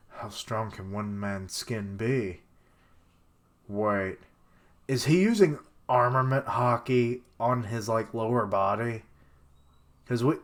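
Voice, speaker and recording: Excitable young man reacting live. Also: medium pitch. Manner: excitable, swears casually, laughs often, loses track of names. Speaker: streamer reacting to a manga chapter. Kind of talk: live reaction while reading aloud.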